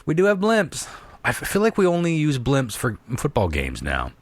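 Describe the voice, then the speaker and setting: A man's voice: fairly high pitch, huge pitch swings, moderate pace, no room sound. A man hosting a casual podcast chat, laughing often and swearing freely as he riffs. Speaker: podcast host.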